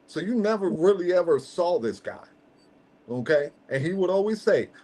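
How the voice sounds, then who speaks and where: A man's voice: sits high, very animated, moderate pace, dark tone. A man hosting a casual podcast chat, making emphatic points in slangy, conversational speech and checking in with "okay?" again and again. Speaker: host.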